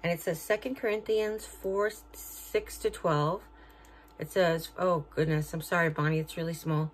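A woman's voice: on the low side, fairly even intonation, measured pace, slight background noise, low-quality recording. A middle-aged woman chatting casually at home as she opens and reads fan mail, sentimental and talkative. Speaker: vlogger opening fan mail. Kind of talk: casual unboxing chat. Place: home, indoors.

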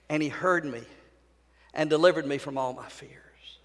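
A man preaching a sermon as pastor, building to loud, fervent outbursts and then dropping to near-whispers. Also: on the high side, moderate pace. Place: large church sanctuary. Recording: long hall reverb.

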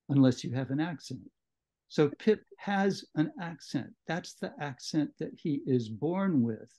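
A man leading a book club discussion, explaining a novel in a measured lecturing way, on muffled audio. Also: mid-range voice, warm tone. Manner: measured, explanatory, with occasional restarts. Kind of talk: literary lecture.

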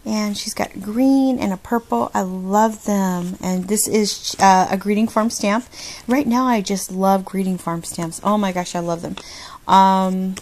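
A woman's voice: mid-range voice, fairly even intonation, measured pace, darkish tone. Bubbly, gushing woman vlogger. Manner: bubbly, gushing, laughs often. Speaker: craft vlogger. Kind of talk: casual chat.

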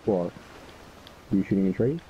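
A man's voice: sits low, expressive, normal speed, muffled recording, crowd noise. A man chatting casually while gaming, laid-back and teasing his friend. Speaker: gamer.

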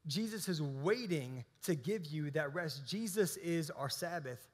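Male pastor, thirties, relaxed conversational sermon, voice a bit high, long church-hall echo. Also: unhurried. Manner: conversational preaching with frequent restarts.

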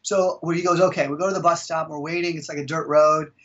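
A middle-aged man from India, a guest author telling stories in an interview with lively energy. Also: fairly high pitch, fast talker, distant mic, highs cut off. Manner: energetic, animated storyteller. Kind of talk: storytelling in an interview.

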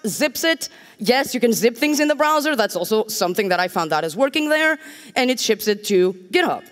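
A woman from Portugal giving a conference talk on a stage, joking and candid with wry asides. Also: fairly high pitch. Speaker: conference speaker. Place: large conference hall. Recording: hall reverb from a stage.

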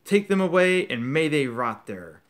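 A man voicing a cold, furious older judge who bellows and disowns slowly and loudly. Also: a little high, very animated, voice pushed up. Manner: bellowing, stern.

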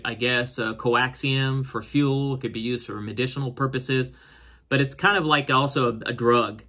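Man, show reviewer, casual rambling recap, filler-heavy, bright tone. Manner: rambling, many fillers and restarts; voices characters' lines with raised pitch. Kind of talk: casual episode recap and commentary.

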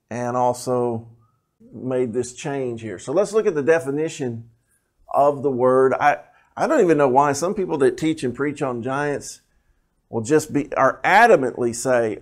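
A man preaching a sermon, reading scripture aloud and explaining it with animated, rising emphasis and asides. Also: medium pitch, a little slow.

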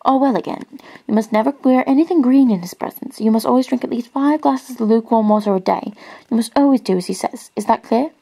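A woman voicing a stern, fussy Victorian father in a soft-spoken storybook reading. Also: fairly high pitch, quick pace, creaky, breathy edge.

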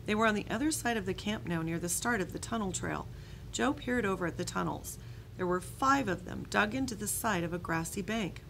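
Teacher reading a kids' chapter book aloud, a woman with animated, expressive delivery. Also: on the low side, moderate pace, creaky, slight background noise.

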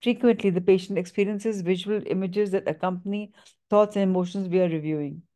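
A woman reading a book aloud in a measured, steady way, with small stumbles. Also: mid-range voice.

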